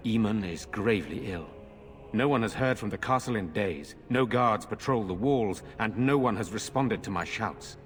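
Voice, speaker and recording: A man's voice: on the low side, close to an everyday voice. A man playing a grave, formal noble lord. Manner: formal, measured speech. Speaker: video game character. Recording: long reverb.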